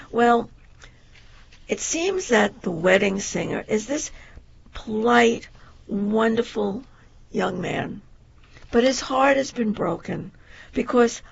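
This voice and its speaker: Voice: medium pitch, gravelly, breathy edge, dull audio. A show host giving a meandering, enthusiastic theater review, piling on adjectives, with a voice that wavers up and down.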